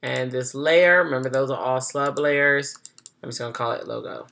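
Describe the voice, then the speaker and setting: Bright gravelly voice, teacher chatting through a software demo, thinking out loud and fixing stuff as they go. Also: medium pitch, steady tone, normal speed. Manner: thinks aloud, chatty, self-correcting. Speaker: design instructor. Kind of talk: casual screen-recorded software tutorial.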